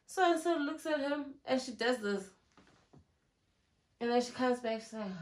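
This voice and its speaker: A young South African woman telling a story in a casual, animated way, acting out what people said. She records on her phone. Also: medium pitch, a little slow. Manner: animated, acts out what people said, mixes in isiZulu slang. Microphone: phone camera.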